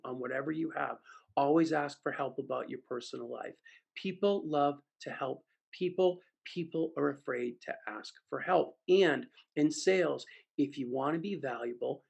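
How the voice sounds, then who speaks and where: A man's voice: fairly high pitch, gravelly. A man giving a conference keynote as a sales trainer, telling stories and acting out the voices of audience members. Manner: animated, acts out voices of audience members in a story.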